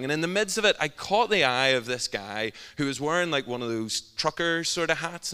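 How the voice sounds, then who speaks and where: A Northern Irish man preaching a sermon. He tells an animated, humorous story and his voice sounds bright and forceful. Long reverb from a large hall trails behind each phrase. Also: mid-range voice, clean tone. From Northern Ireland.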